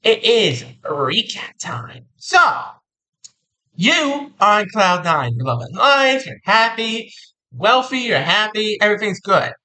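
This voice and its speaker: A woman giving a casual tarot reading, animated and playful, often repeating words for emphasis. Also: mid-range voice, slow pace, rough recording. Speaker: tarot reader.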